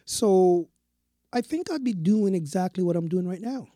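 A man co-hosting a casual spiritual talk show, telling stories in a slow, reflective way. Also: sits high, lively intonation, dark tone, no echo, clean studio sound. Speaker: co-host.

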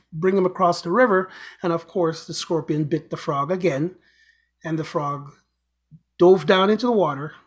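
Earnest high-pitched man urging listeners. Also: slightly rough. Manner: earnest, repetitive urging, exhortations. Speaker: host of an inspirational show. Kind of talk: motivational talk and storytelling.

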